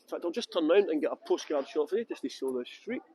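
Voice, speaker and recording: A man's voice: a little high, animated, fast talker, mellow, a little hiss or hum, low-quality recording. A man with a Scottish accent from Edinburgh, guiding a live-streamed walking tour outdoors on city streets and talking in a jokey, self-mocking, chatty way into a handheld phone. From Scotland.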